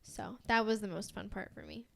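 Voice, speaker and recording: A woman's voice: medium pitch, fairly even intonation, fairly quick, gravelly, a bit bright. A young woman with an American accent, co-hosting a podcast in bubbly casual chat, full of "like" and giggles. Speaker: podcast co-host.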